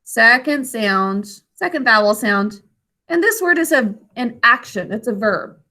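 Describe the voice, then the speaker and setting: A woman teacher leads a spelling and grammar lesson over a video call. Her voice sits high and bright. She speaks slowly and clearly, sounding out words and encouraging the class. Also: animated.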